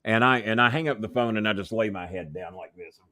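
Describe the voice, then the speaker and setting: A man's voice: fairly low pitch, a little fast, no room sound, clean studio sound. A man as an interview guest, telling stories full of swearing and imitating the people in them. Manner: animated, swearing, mimics others in quotes. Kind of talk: profane anecdotal storytelling.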